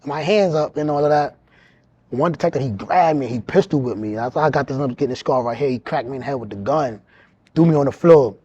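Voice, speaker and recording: A man around forty, telling his own life story in an animated, streetwise way, often repeating words as he goes. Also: medium pitch, quick pace, slightly rough, muffled recording. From New York. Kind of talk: casual storytelling.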